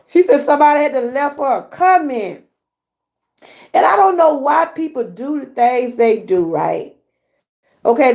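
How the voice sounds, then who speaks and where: A woman's voice: high voice, vocal fry, darkish tone. A woman with a Southern US accent hosting a casual livestream, chatty, laughing often and talking back to her chat. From Georgia, US. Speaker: livestream host.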